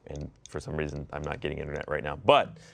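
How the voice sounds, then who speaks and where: Deep gravelly man, laid-back. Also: fairly even intonation, quick pace, a bit bright. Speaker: co-host. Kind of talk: casual podcast chat.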